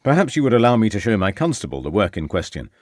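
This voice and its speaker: A man voicing a shrewd Victorian police inspector who questions people in a formal, measured way. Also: fairly low pitch, sing-song, darkish tone, dry recording, clean studio sound.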